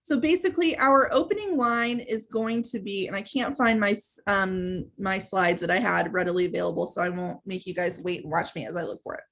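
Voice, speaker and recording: A woman's voice: mid-range voice, a little fast, gravelly, hardly any pauses, a bit bright. A woman hosting a live training webinar, explaining step by step in a conversational way. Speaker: webinar host and sales trainer.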